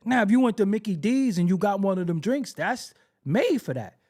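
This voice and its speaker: Loud mouthed dude ranting, slightly high voice, swings all over the place. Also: male voice, animated, moderate pace. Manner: brash, profane, laughing, mocking. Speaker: host. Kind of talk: hip-hop commentary rant.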